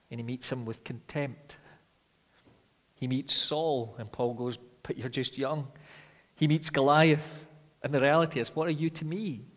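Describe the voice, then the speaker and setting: A man preaching a sermon with dramatic rhetorical questions, rising loud and falling quiet. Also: medium pitch. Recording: long hall reverb.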